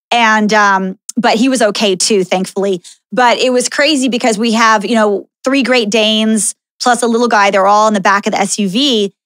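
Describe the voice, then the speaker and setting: A woman's voice: mid-range voice, no room sound. A middle-aged woman hosting a podcast, telling a story in casual chat, full of fillers and "like". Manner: animated storyteller, many fillers and "like". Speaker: podcast host.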